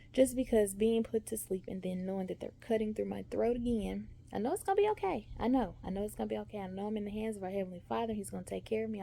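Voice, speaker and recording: Speaking straight to her audience, a vlogger shares a chatty story-driven update. Her medium-pitched voice is gravelly yet warm, and "y'all" and "okay" come up frequently in this casual talking-head clip.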